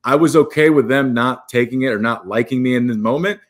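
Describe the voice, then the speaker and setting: Brief: male podcast guest in his thirties, earnest and reflective, mid-pitched voice. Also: brisk. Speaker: podcast guest, former baseball player. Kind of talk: casual chat.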